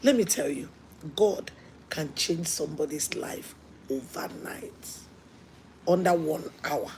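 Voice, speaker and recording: A woman pastor preaching a sermon, telling stories earnestly and swinging between hushed lines and emphatic ones. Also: low voice, slow pace, vocal fry, a little hiss or hum.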